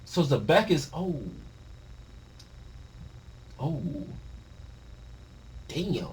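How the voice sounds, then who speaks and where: A man reading a manga aloud and reacting, talking in a casual, slangy, excitable way. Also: mid-range voice, brisk. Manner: excitable, slangy, breaks into shouts and laughs.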